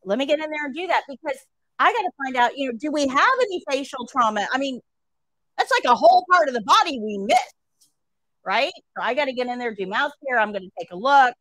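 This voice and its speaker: A woman's voice: sits high, animated, a little fast, fairly bright tone, dry recording, rough recording. A woman nursing instructor telling a story to her class during a livestream, asking rhetorical questions as she goes.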